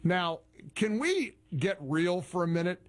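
A male talk radio host whose commentary drips with sarcasm and mockery. His voice sits high for a man and swings widely in pitch, and he takes his time over the words. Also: big pitch swings, measured pace. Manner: heavily sarcastic, mocking.

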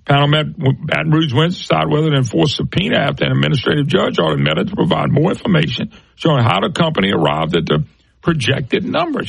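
A man's voice: a little high, big pitch swings, fast, creaky, husky, dry recording, low-quality recording. A man hosting a talk show, giving emphatic, folksy commentary and speaking to listeners as folks.

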